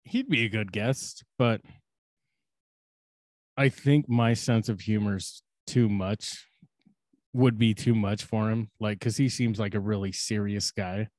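A young man with a low voice co-hosting a podcast in a casual, rambling way. He swears freely, pokes fun at himself and laughs a lot. The sound is dry and close, with no room around it. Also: slow pace, darkish tone, no room sound. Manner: rambling, crude, self-mocking, laughs often. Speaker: podcast co-host.

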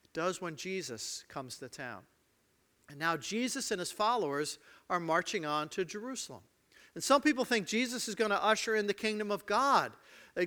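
Male pastor, high bright voice, dramatic sermon storytelling. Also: clear, resonant tone. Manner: dramatic storytelling, swings from loud to hushed.

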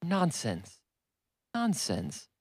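A man voicing a fretful, nervous middle-aged mother who complains in a shrill, fussing way. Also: moderate pace, a bit bright, no echo, lightly acted. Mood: shrill protest.

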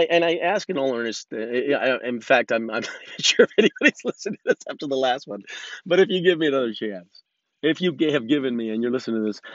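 A man hosts a casual solo podcast, delivering a candid, self-reflective, rambling monologue in which he swears often and restarts his sentences. His voice is mid-range, and the recording has no echo and its highs cut off.

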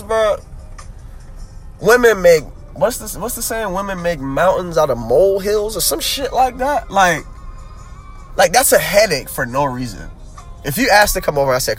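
A young man hosting a casual solo podcast, rambling with slang fillers and repeating himself as he makes his point emphatically. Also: on the high side. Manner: grows heated and emphatic. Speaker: podcast host.

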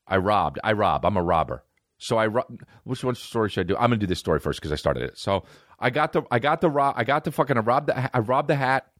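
A man's voice: lowish voice, expressive, fast, a bit bright, no echo, clean studio sound. Rambling, profane man ranting on a podcast. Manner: rambling, profane, jumps between tangents. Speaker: podcast host. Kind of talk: solo comedic podcast rant.

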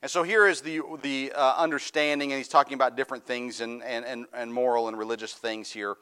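A man's voice: medium pitch, fairly even intonation, a little fast, bright, forceful tone, clear, resonant tone. A middle-aged male pastor preaching a sermon, reading scripture aloud and rising into fervent, raised preaching.

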